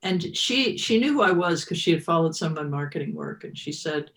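A woman's voice: on the low side, expressive, fairly quick, a bit bright. A woman in her fifties telling a personal story as an interview guest, reflective and emotional, with many restarts.

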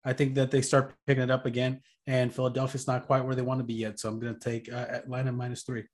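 A man's voice: medium pitch, completely flat delivery, fast. A man co-hosting a casual sports betting chat, laid-back and rambling as he explains his reasoning. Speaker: podcast co-host.

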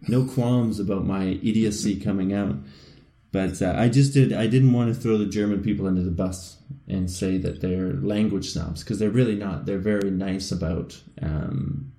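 A man's voice: on the low side, mellow. Rambling, self-mocking man in a roomy space. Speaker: podcast co-host. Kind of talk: casual podcast chat.

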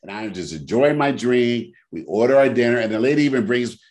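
A man co-hosting a casual podcast, telling stories in an animated way and breaking into loud laughter. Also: medium pitch, brisk. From Sacramento area. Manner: animated storyteller, bursts into shouting laughter. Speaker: podcast co-host. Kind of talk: casual storytelling chat.

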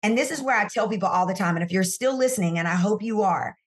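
Woman, sales coach guest; candid, animated storyteller who speaks straight to the audience; recorded in her office. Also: medium pitch, fast talker. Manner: animated, emphatic storyteller who addresses listeners directly. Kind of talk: candid faith-based interview storytelling.

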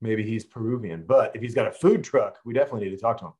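A man co-hosting a podcast, talking in a loose, relaxed, rambling way. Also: lowish voice, rapid-fire, husky. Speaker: podcast co-host. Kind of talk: casual chat.

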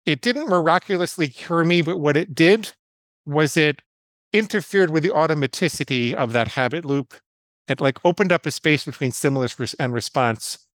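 A man's voice: fairly high pitch, fairly bright tone, dry recording. A man, a psychologist guest, telling a personal story in an interview in a candid, self-deprecating way, acting out the voices in his head.

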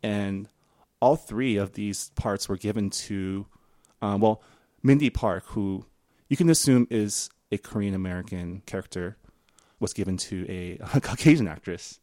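Low-voiced man rambling with many ums. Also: dark tone, no room sound, studio quality. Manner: rambling, halting, lots of ums and laughs. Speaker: podcast co-host. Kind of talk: casual chat.

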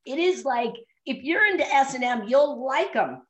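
A middle-aged woman telling lively stories in a casual chat, laughing often as she talks. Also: high voice, normal speed, lo-fi sound. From Chicago area. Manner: animated storyteller, laughs often.

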